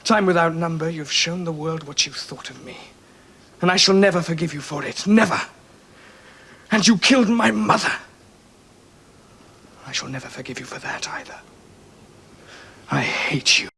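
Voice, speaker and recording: A husky, wounded young prince. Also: male voice, on the high side, normal speed, sharp tone, heavily acted. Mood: bitter. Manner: bitter, pleading. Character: young male prince, resentful, wounded son. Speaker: emperor's son. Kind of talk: 1970s television period drama.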